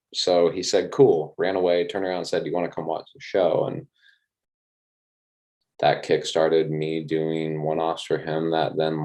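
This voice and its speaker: Low, mellow-voiced man telling stories. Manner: relaxed, rambling, with frequent ums and casual swearing. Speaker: tour manager guest. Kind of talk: casual interview storytelling.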